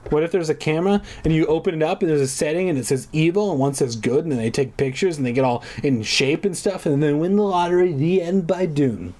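A man's voice: fairly high pitch, animated, normal speed, darkish tone. Irreverent man reading aloud with asides. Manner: irreverent, swearing asides, drinking while reading. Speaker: comedic reader. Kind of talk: comedic reading of a children's book with asides.

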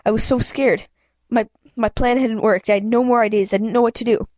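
A woman reads a children's book aloud at a brisk clip, her higher-pitched voice a little mellow and steady in tone. She reads plainly but keeps tripping over words and fixing them. The recording has no echo and was made on a home microphone she set up herself.

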